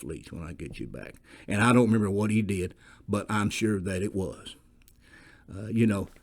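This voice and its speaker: A man with a Southern US accent, a former police investigator hosting a show and telling wry, folksy stories at an unhurried pace. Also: on the low side, darkish tone. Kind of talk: folksy storytelling.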